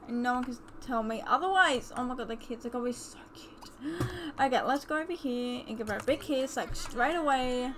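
A young woman chatting excitedly while commentating a life-sim game, gasping and exclaiming often. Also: high voice, fairly quick, noisy background. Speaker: let's play host. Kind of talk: casual gameplay commentary.

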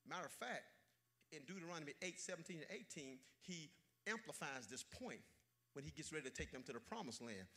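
A male pastor delivers a sermon from the pulpit in a high, very bright, cutting voice. He hammers phrases over and over and half-sings some lines. He swings from full shouts down to near-whispers. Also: animated, brisk. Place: church sanctuary.

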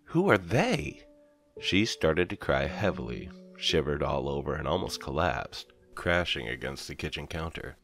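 A man narrating a first-person horror story in a measured storytelling manner. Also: very deep voice. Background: soft background music.

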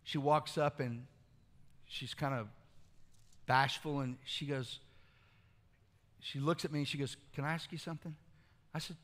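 Preacher with swinging dynamics in a reverberant hall. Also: male voice, on the high side, steady tone, a little slow, long pauses. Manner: storytelling, swings from hushed intimate lines to shouted exclamations. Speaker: pastor. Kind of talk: sermon.

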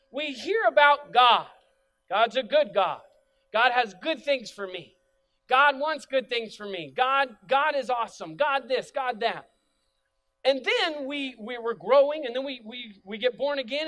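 A middle-aged male pastor delivers a sermon in his church, his voice strikingly high for a man. He preaches emphatically, circling back to the same phrases and calling on the congregation to repeat them. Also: pushed and bright. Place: church sanctuary.

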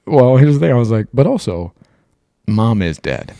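A man's voice: medium pitch, big pitch swings, normal speed, gravelly, dark tone, no echo. A man co-hosting a podcast, telling a long personal story in casual chat, rambling and swearing freely. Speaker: podcast co-host.

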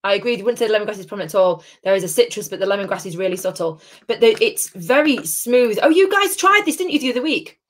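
A woman's voice: medium pitch, animated, fast talker, few pauses. A woman hosts a live-streamed tasting from home. She chats in a bubbly way and greets viewers by name. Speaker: host of a live gin tasting.

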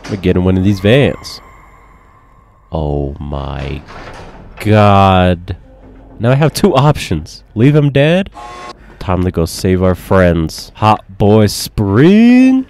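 Male gaming commentator, unhurried, low voice, excitable and crude, swoops up into yelps. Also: a little hiss or hum. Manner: excitable, profane and joking, with sudden yelps and laughs. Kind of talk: casual gameplay commentary.

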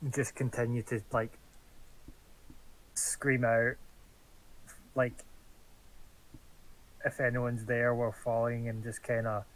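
A man plays his character in a tabletop game, thinking aloud in halting, joking bits full of fillers. His voice sits at an ordinary middle pitch, heard over what sounds like a home voice call. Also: completely flat delivery, rough recording. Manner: hesitant, jokey, full of fillers. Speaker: player.

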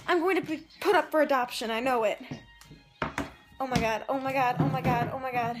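A woman's voice: high voice, a little fast, over music. A young woman chatting through a casual vlog, rambling and dramatic. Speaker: vlogger.

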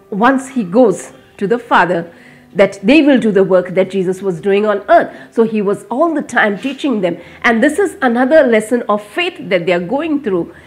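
A woman preaching a devotional Bible message, earnest and repetitive, with frequent "uh" fillers. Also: fairly high pitch. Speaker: Bible motivational speaker. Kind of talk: devotional sermon.

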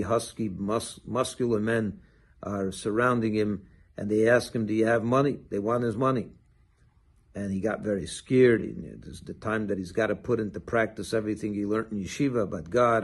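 A man, a rabbi, giving a short sermon and telling a story with lively acted-out dialogue. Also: on the low side, creaky, slightly rough. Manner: animated storytelling, acts out quoted dialogue.

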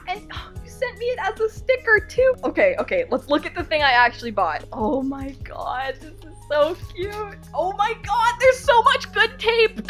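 A woman with a high, bright-sounding voice chats excitedly through an unboxing vlog. Her pitch leaps around as she gasps and exclaims over each gift. Soft music plays faintly underneath. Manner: gushing, gasping exclamations. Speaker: YouTuber unboxing fan mail.

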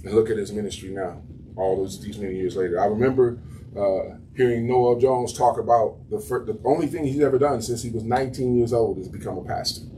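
A man's voice: fairly low pitch, steady tone, fairly quick, warm tone, slight background noise. Preaching man heard from a distance. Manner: conversational preaching, repeats words as he builds. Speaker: pastor. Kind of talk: sermon. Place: small church room.

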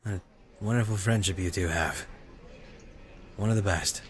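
A man's voice: low-pitched, moderate pace, slight background noise. A young man playing a game and reading its dialogue aloud, with dry, wry asides. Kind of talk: let's play with read-aloud dialogue.

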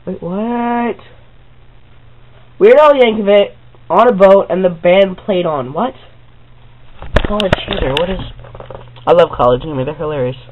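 A man rambling excitedly to his viewers in a casual vlog from his bedroom, on the camera's own mic. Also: high-pitched, a little slow, long pauses. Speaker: vlogger. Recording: slightly dull, lo-fi camera audio.

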